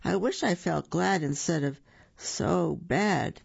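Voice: medium pitch, slow, creaky, breathy edge, muffled recording, exaggerated voice. A reader voicing a moaning gloomy bear. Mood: mournful. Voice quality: mournful sighing.

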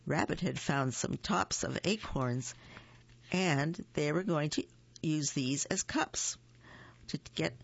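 A storyteller reading a picture book aloud gently, pausing to explain the pictures. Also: mid-range voice, vocal fry, slightly rough, dry recording, lo-fi sound.

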